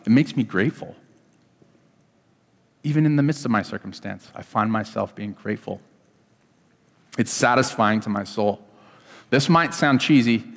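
A man preaching a sermon as a pastor, in a conversational, earnest way with lots of repetition. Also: mid-range voice. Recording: long hall reverb.

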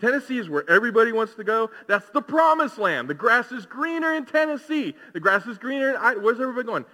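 A man delivers a casual, conversational sermon and keeps asking his congregation rhetorical questions. His voice sits high and bright. The sound rings with the long reverb of a large church hall. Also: sing-song, fast. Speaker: pastor.

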